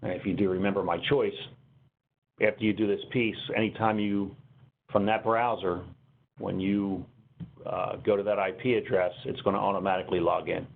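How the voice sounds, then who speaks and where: A man presenting a technical webinar, talking through software steps on screen in a conversational, explanatory way. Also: low voice, level tone, moderate pace, gravelly. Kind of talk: conversational software demo walkthrough. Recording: tinny phone-line webinar audio, faint noise.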